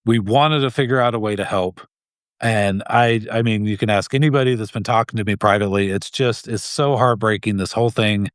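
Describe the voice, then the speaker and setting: A man's voice: lowish voice, a little fast, dry recording. Heated, earnest man in a dry room. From Idaho. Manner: earnest and heated, with frequent restarts and short laughs. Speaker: guest, gun rights group president. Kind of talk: casual interview talk.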